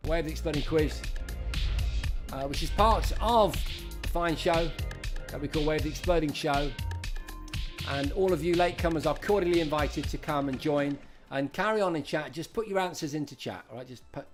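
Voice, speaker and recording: A man's voice: on the high side, normal speed, over music. A middle-aged man hosting a live-streamed retro quiz, chatting and greeting viewers by name as he reads out questions. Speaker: host.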